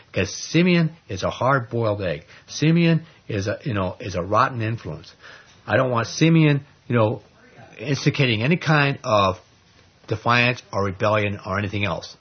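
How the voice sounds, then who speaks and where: A man's voice: on the low side, expressive, moderate pace, husky, dull audio. A man teaching a Bible study, reading scripture aloud and explaining it in a conversational way, often asking the class questions. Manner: conversational, asks the class questions, many fillers.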